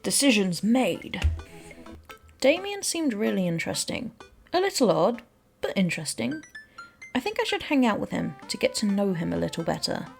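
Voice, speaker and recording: A woman's voice: mid-range voice, big pitch swings, normal speed, gravelly, faint music behind. A woman giving rambling, self-deprecating casual commentary while playing a game. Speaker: let's play host.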